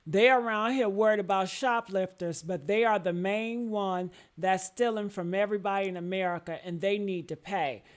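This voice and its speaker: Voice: mid-range voice, moderate pace, few pauses. A speaker, giving an indignant video intro straight to viewers. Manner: indignant, addresses viewers as y'all.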